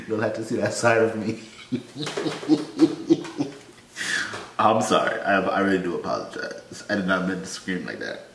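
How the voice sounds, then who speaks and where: A man reacting to clips in loose, unhurried talk. His pitch leaps about as he blurts startled cries and laughs. The voice rings in a roomy, echoey space with a faint hum of ambience. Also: expressive, creaky. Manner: loud startled exclamations and laughter between wry remarks. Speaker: reaction video host. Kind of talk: casual reaction commentary.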